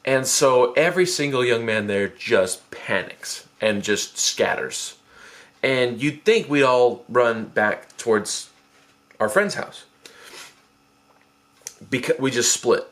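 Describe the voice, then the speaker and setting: A young man telling a personal story in a casual vlog, animated, jumping high and loud whenever he acts out a shout. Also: slow pace. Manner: animated, jumps high and loud when acting out his shouts.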